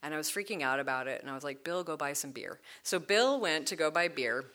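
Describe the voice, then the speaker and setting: A low-pitched woman tells her stories with lively energy, often laughing and slipping into voices for the people she quotes. Her voice is low but bright and forceful. It is a relaxed, casual conversation. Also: fast. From United States.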